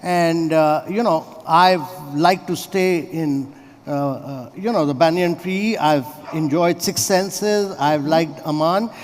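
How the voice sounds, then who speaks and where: High-voiced older man in a hall. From India. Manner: measured, builds points with numbers and lists. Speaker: award honoree, interview guest. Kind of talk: on-stage conversation. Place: large conference hall. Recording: reverberant event hall.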